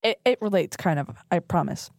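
A woman co-hosting a casual podcast, telling a story in an animated way. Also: on the low side, a little fast, vocal fry, dry recording, clean studio sound. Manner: animated, tells stories. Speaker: podcast co-host.

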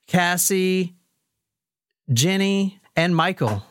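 A man's voice: high voice, lively intonation, extremely slow, clear, resonant tone. A man hosting a podcast, joking crudely and rambling in casual banter. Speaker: podcast host.

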